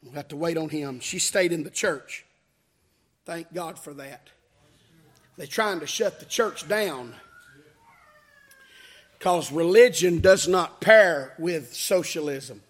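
A man preaching a fiery revival sermon, shouting in a chanting cadence with frequent hallelujahs and calls to the congregation. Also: a little high, animated, slow, pauses often. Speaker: pastor.

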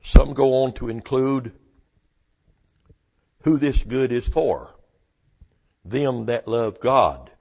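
A male preacher delivering a sermon, slow and emphatic, with dramatic pauses and rhetorical questions. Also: mid-range voice, expressive, gravelly, a little mellow, lo-fi sound.

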